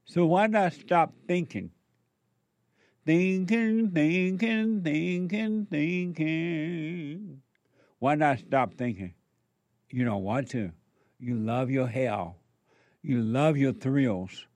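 A man delivers a spiritual sermon at a slow, deliberate pace. He leans on repetition and rhetorical questions, and his voice sits in a middle register. The sound is dry and close. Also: medium pitch, lively intonation, darkish tone, no echo. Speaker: preacher.

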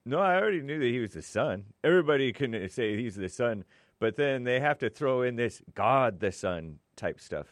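A man's voice: mid-range voice, lively intonation, normal speed, dry recording, clean studio sound. A man chatting casually as a churchgoing layman, rambling and hesitant, with fillers and self-corrections. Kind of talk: casual conversation.

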